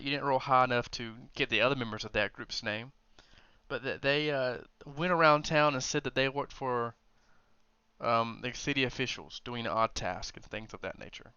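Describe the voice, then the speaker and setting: A man narrating a tabletop game as game master, often pausing and restarting. His voice is bright and smooth, recorded dry and close. The sound is dull and lo-fi. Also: mid-range voice, dry recording. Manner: hesitant, many restarts while narrating.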